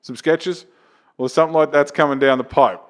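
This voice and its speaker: A man, a comedian chatting on a podcast and telling lively, profane anecdotes. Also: a little high, fairly quick. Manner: animated, profane anecdotes with acted-out quotes. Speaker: comedian and open mic host. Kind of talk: casual podcast storytelling.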